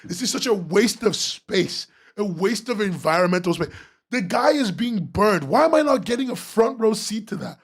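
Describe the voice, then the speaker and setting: A man's voice: sits high, lively intonation, normal speed, slightly rough. A man hosting a webcomics podcast, ranting sarcastically as he critiques comic pages, swearing and laughing.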